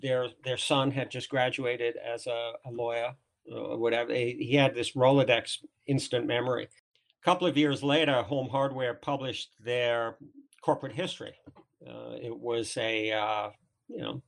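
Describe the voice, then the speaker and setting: A man's voice: mid-range voice, fairly even intonation, unhurried, creaky. A man from England with a southern English accent, a guest telling stories in a podcast interview, full of restarts and fillers. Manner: rambling, many restarts and fillers. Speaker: interview guest, former trade magazine editor.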